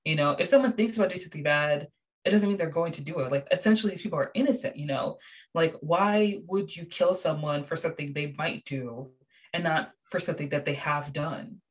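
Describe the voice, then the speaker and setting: Low-voiced young woman gushing casually. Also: fairly quick. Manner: animated, gushing, many fillers. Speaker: show reviewer. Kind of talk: casual chat.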